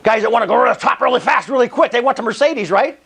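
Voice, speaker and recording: A man giving a live sales presentation at an investors' meetup, excitable and pushy, often asking the room if it's cool. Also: very high-pitched, fast talker, husky, poor audio.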